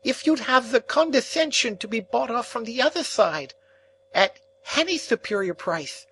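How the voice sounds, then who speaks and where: A woman voicing an excitable male hanger-on who begs in a breathless, repetitive rush, in an audiobook. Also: a little high, normal speed, slight background noise, low-quality recording. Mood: pleading. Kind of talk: audiobook character reading.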